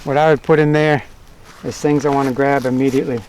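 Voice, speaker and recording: A man hosting a bushcraft channel, giving a relaxed, plain-spoken gear review and listing items one by one. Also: medium pitch, fast, a little hiss or hum. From United States.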